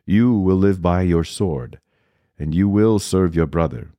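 Solemn old father voiced by a man, low dark voice, slow weighty blessings. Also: no echo.

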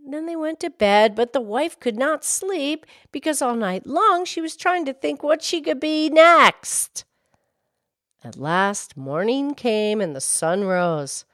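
Female storyteller, slow and expressive, animated pitch. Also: no room sound, studio quality. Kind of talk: reading a fairy tale aloud.

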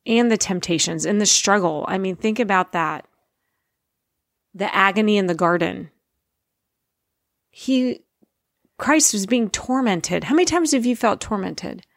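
A middle-aged woman giving an informal, earnest faith talk as a parent, slowing down to stress her points. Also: medium pitch, expressive, vocal fry, no room sound, clean studio sound. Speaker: Christian speaker, parent.

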